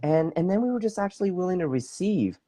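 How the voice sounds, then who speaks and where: A middle-aged man tells his story with a very lively, swooping voice, full of enthusiasm and casual fillers. He speaks as an interview guest sharing his own experiences. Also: high-pitched, fast. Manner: enthusiastic, talks with his hands, lots of fillers. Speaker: guest, bodywork practitioner and facilitator.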